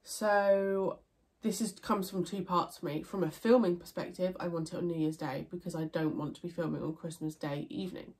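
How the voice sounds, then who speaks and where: A young woman with a lowish, steady, slightly mellow voice answers viewer questions at a moderate pace, sounding stuffy and nasal from congestion. This YouTuber rambles in a chatty way, dropping plenty of "um" and "like" and often correcting herself mid-thought.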